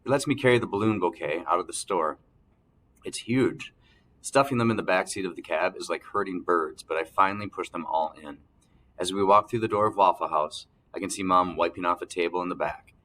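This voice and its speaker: A man narrating an audiobook in the first person, telling the story calmly and evenly. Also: low-pitched, a little fast.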